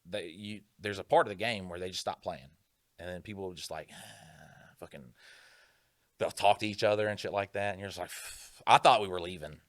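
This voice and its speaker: Low-voiced swearing podcast host. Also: male voice, moderate pace, no room sound, clean studio sound. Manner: rambling, profane storytelling. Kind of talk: casual chat.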